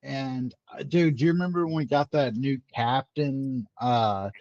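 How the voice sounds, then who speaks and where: A man's voice: mid-range voice, unhurried, darkish tone, dry recording, muffled recording. A young man, a former Marine, swapping profane, laughing war stories in a casual chat.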